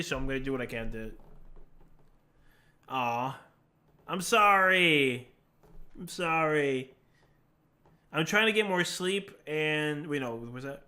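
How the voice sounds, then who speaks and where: A man streams live and talks casually, rambling from one thought to the next and laughing easily. His voice sits a little high for a man, with a bright, sharp edge. He answers his chat as he goes. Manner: rambling, chatty, laughs often; answers chat questions as he plays.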